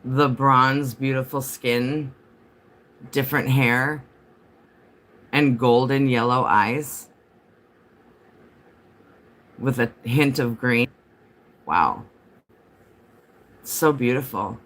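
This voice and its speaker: A man's voice: mid-range voice, drawn-out words, pauses often, a bit bright. Rambling man chatting on a livestream. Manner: rambling, chatty, answers viewer comments. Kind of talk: casual livestream chat. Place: home.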